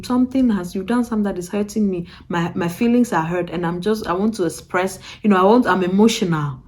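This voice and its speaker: A woman talking casually to camera as a vlogger, animated and repetitive, often acting out other people's voices with a laugh. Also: mid-range voice, a little fast, few pauses. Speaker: vlogger and podcast host.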